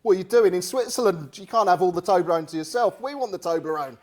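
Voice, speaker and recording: A rowdy, blunt soldier from the Napoleonic era, as a man puts him on for a joke. He talks tough in a mocking way, with a slightly high voice. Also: quick pace, lightly acted. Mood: mock bluster. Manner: jokey, blunt, mock-tough. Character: rowdy British soldier of the Napoleonic era, male, adult, blustering.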